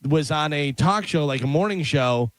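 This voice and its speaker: Chatty, fairly high-voiced male co-host. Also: lively intonation, normal speed, a bit bright, no echo. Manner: chatty, tells stories with laughs. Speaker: radio co-host. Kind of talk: radio talk show banter. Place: radio studio.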